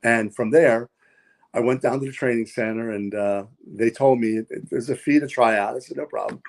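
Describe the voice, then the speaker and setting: This podcast guest, a man who wrestles and flies planes, has a gravelly mid-range voice at a moderate pace. He spins long, rambling stories for the casual interview, using lots of fillers and repeating words.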